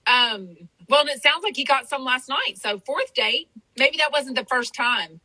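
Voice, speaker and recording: A woman's voice: high-pitched, animated, measured pace, pushed and bright, poor audio. A woman hosting a podcast, chatting casually in a rambling way with lots of fillers. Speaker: podcast host. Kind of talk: casual chat.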